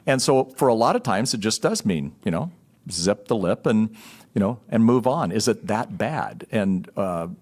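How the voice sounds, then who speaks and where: Middle-aged guy, fairly low voice, swings up and down a lot, self-deprecating storyteller. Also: animated, normal speed, darkish tone. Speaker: marriage guest expert. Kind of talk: storytelling in a podcast conversation.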